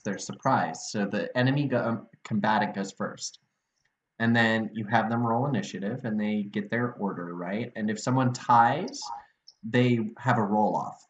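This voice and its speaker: A man's voice: on the low side, reverberant, slight background noise, low-quality recording. A man casually explaining tabletop game rules as a dungeon master, laughing often. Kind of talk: casual chat.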